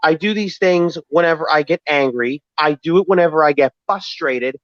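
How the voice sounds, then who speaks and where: A man's voice: fairly high pitch, normal speed, a bit bright, no room sound. A man arguing on a live stream, defensive and repeating himself as he explains his feelings. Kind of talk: heated live-stream argument. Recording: dry, dull lo-fi stream audio.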